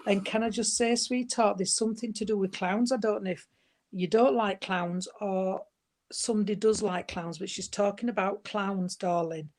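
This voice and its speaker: Gentle chatty woman medium. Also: mid-range voice, fairly even intonation, normal speed. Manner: gentle, chatty, full of endearments like sweetheart and darling. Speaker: spiritualist medium. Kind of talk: giving a spirit reading.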